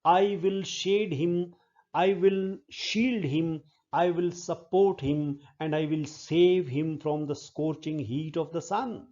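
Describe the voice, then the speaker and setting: A man lecturing on a poem, explaining it slowly and step by step and often repeating words. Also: on the high side, dark tone, muffled recording. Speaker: literature lecturer.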